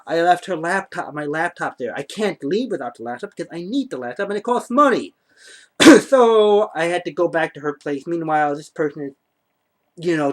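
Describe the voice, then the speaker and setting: Guy with a higher voice rambling through a wild date story, swears a lot, says like constantly. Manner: rambling, profane, heavy use of "like". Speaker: vlogger. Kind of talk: casual storytelling to camera.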